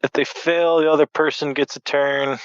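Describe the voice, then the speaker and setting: Smooth-voiced podcast guest, slightly lo-fi. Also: male voice, fairly high pitch, little pitch movement, moderate pace, no room sound. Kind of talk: casual episode recap chat.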